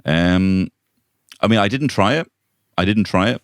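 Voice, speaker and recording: A man's voice: lowish voice, unhurried, no room sound, clean studio sound. An Irish man, co-host of a comedy podcast, rambling through a story and acting out the people in it. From Ireland. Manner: rambling storyteller, acts out voices. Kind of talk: casual comedic chat. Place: bedroom.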